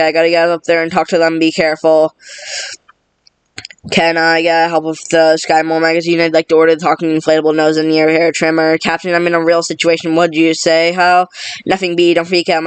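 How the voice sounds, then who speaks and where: A man reading a film script aloud in a flat, rapid monotone. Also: fairly high pitch, smooth, no room sound. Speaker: script reader.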